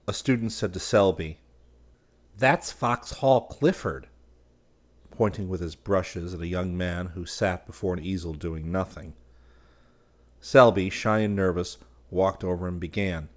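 Male narrator, very low voice, steady storybook reading, raises pitch for dialogue. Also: moderate pace. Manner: voices characters by raising pitch and volume. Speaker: audiobook narrator. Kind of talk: scripted narration.

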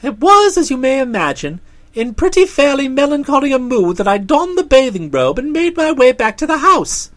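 Woman, audiobook narrator, high voice, very lively, comic storytelling. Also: moderate pace.

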